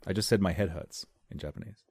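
A man's voice: sits low, fast talker, vocal fry, a little mellow, no echo. A young man hosting a casual solo podcast from a dim room at home, rambling playfully and laughing at his own jokes. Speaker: podcast host.

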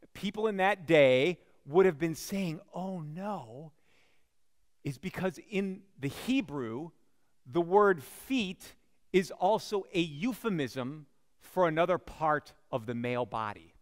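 A man's voice: high voice, expressive, takes it slowly, in a large hall. A man preaching a sermon as a pastor, telling the story in a conversational way with frequent asides to the congregation.

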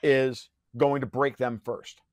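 A man's voice: mid-range voice, level tone, no room sound. A man speaking as a podcast guest in a heated, profane rant, full of restarts and sarcastic jabs. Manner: profane, rapid restarts and filler-heavy; sarcastic and mocking. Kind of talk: heated conversational ranting.

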